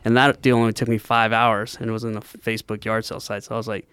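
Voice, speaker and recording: A man speaking as a podcast guest, retelling his first deal in a steady, plain way. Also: fairly low pitch, fast talker, smooth, dry recording. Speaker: guest, real estate entrepreneur. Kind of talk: casual podcast interview.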